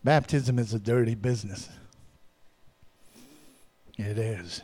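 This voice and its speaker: A man preaching a sermon, swinging from hushed asides to shouted climaxes and calling out to the congregation. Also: on the low side, slow. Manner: calls out to the congregation.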